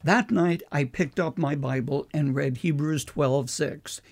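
An older man, a preacher, earnestly recounting a personal story in a measured way. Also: on the high side, vocal fry.

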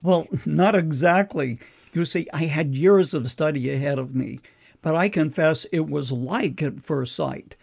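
Gravelly older man telling his story. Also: on the high side, darkish tone. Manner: earnest, measured storytelling. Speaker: preacher. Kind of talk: recounting a personal story.

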